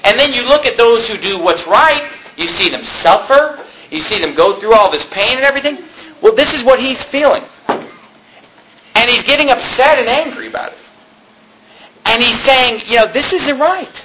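A man preaching a sermon, reading scripture in a slow, solemn tone and then retelling it in everyday words. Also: very high-pitched, animated, background noise.

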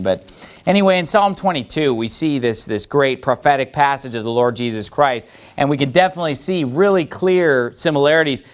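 A man preaching a sermon to a congregation, animated and emphatic, now and then growling to act out anger. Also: medium pitch. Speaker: pastor.

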